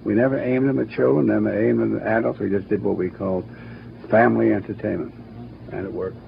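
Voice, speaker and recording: An older man, a cartoon producer and director, telling stories in an interview with a brisk, anecdotal manner. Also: fairly low pitch, steady tone, creaky. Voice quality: brisk, anecdotal, acts out quotes. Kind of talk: interview, reminiscing. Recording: dull archival recording with faint hiss.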